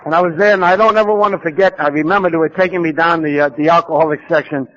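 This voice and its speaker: A man's voice: on the high side, steady tone, racing, a bit bright, muffled recording. A man from New York, telling his recovery story at a conference in a humorous, self-mocking way with vivid repetition.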